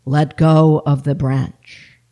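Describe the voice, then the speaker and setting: A woman voicing God as a deep, loud, slow and commanding voice from above. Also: flat delivery. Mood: solemn. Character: booming solemn voice of God from above.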